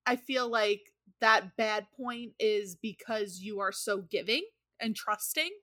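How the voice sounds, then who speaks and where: A woman co-hosts a casual podcast chat about astrology. Her tone is bright and forceful, and she laughs easily and reads horoscope text aloud. The sound is dry and close, with no room echo. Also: medium pitch, takes it slowly. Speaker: podcast co-host.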